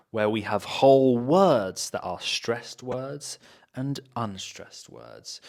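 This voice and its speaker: A man with a British accent teaching a pronunciation lesson, saying example words slowly and repeating them to drill the sounds. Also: mid-range voice. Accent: British English. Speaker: accent coach.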